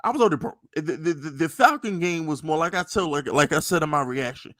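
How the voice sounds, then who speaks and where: A man hosting a casual sports podcast, talking in an animated, mocking, slangy way. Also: fairly high pitch, fast, no echo. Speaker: podcast host.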